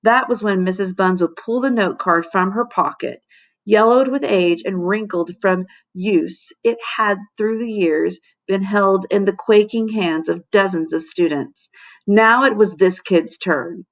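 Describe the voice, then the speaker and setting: A teacher reading a children's chapter book aloud to her class, with expressive, dramatic storytelling. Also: mid-range voice, unhurried. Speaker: fourth grade teacher.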